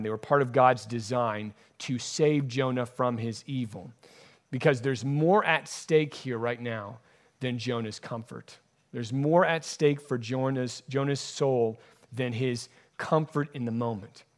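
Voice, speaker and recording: A man preaching a sermon as a pastor, driving his points home by repeating key phrases. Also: mid-range voice.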